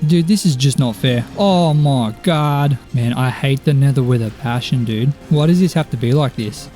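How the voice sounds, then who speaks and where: A young man with a mid-range voice streams a video game as a Minecraft YouTuber, speaking at normal speed over soft background music. His commentary is excitable, with frequent exclamations and remarks addressed to the characters in the game.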